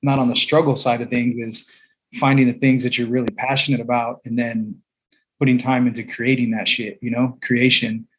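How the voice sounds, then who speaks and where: A man's voice: mid-range voice, flat delivery, moderate pace, low-quality recording. A man co-hosting a casual podcast, talking in a loose, rambling way and swearing casually. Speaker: podcast co-host.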